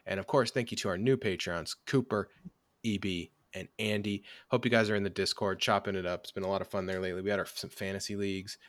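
Deep-voiced, rambling podcast host. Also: male voice, fairly even intonation, quick pace, dry recording. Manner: rambling, self-deprecating, frequent fillers. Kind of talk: casual sports chat and sponsor read.

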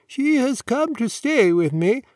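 In an audiobook reading, a man performs a full character voice, pitched well above his natural range, for an elderly male college warden who is courteous, fussy and apologetic toward a young nobleman. His pitch is extremely high with big swings, his pace a little slow, and his tone a little mellow. The studio-quality recording has no room sound.

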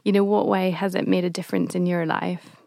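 A woman's voice: on the low side, little pitch movement, fairly quick, creaky, warm tone, no echo, studio quality. A woman co-hosting a podcast who asks curious, encouraging questions. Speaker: podcast host. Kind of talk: podcast interview.

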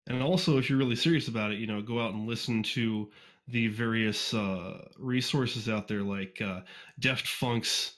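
A fan fiction reviewer appears on a laid-back podcast, his voice on the low side, slightly bright, and at normal speed. Throughout the casual interview he meanders, makes fun of himself, and keeps restarting around fillers.

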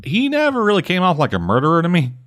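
A man casually recapping a comic book on a podcast, rambling and swearing often, with dry, deadpan asides. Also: fairly high pitch, fast talker. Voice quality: rambling, profane, deadpan summary. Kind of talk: casual chat.

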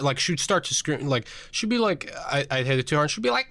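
A man's voice: on the high side, expressive, quick pace, hardly any pauses, a bit bright, dry recording. A young man from New Jersey co-hosting a casual podcast, rambling and swearing, with lots of "like" fillers. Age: young adult. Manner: rambling and profane, full of "like" fillers. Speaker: podcast co-host.

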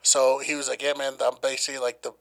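A young man co-hosting a podcast tells a story casually and animatedly, swearing a lot and acting out the quotes. His voice is medium-pitched and gravelly, he talks fast, and there's noise in the background.

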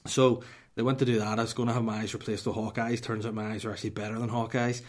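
A man's voice: lowish voice, flat delivery, fast. A young Northern Irish man hosting a podcast, telling a comic story in a sweary, mock-dramatic way and dropping to a whisper for punchlines. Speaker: podcast host.

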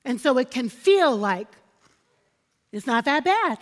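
A woman's voice: high voice, very animated, slow, long reverb tail. A woman preaching a sermon, emphatic and repeating phrases for effect, calling on the congregation for amens.

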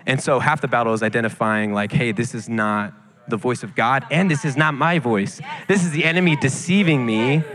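A man's voice: mid-range voice, a little fast, fairly bright tone. A man youth leader speaking earnestly and conversationally on a live church panel. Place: church sanctuary, live service.

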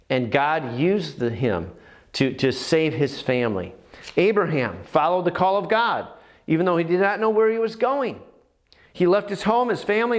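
Passionate preacher with a fairly high voice. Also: male voice. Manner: passionate storytelling preacher, repeats phrases for emphasis. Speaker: pastor. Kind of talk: sermon.

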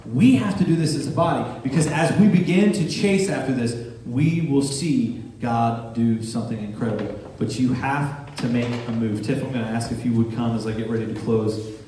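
A man's voice: mid-range voice, normal speed, mellow, a little hiss or hum. A man preaching a sermon as pastor, talking plainly with humor and building emphasis. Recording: echoey church hall from far off, with guitar.

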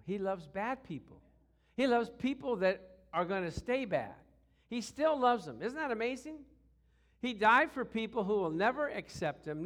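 A man preaching a sermon as pastor, lively and calling for responses from the congregation. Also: high voice.

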